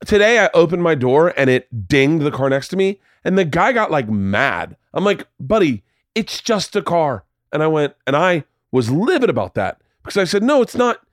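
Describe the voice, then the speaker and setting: A man's voice: a little high, very animated, moderate pace, hardly any pauses, no echo. Rambling storytelling man, dry close sound. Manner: rambling storyteller, swears casually. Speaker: podcast host. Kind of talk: casual chat.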